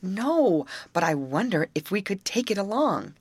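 A woman reading the part of an eager, excitable teenage girl in an audiobook. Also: mid-range voice, measured pace, breathy edge, no echo, pitched above the performer's own voice, full character voice. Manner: excited, exclamatory.

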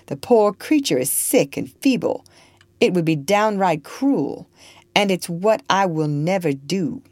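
A woman voicing a gentle, steadfast older man who speaks softly and respectfully. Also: on the low side, animated, measured pace, no room sound. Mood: resolute. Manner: quiet, soft and respectful.

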